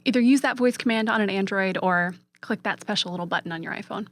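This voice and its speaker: A woman's voice: medium pitch, quick pace, a bit bright. A woman co-hosting a tech podcast, upbeat and casual, telling jokes and sharing tips. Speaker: podcast co-host. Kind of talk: casual chat.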